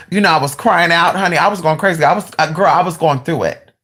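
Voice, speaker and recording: A woman with a low-pitched voice tells a personal story straight to her audience. She talks loosely and casually, swearing freely and calling her viewers y'all. When the story gets exciting, her voice leaps far up in pitch. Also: fast talker. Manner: voice jumps much higher when excited. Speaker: spiritual vlogger.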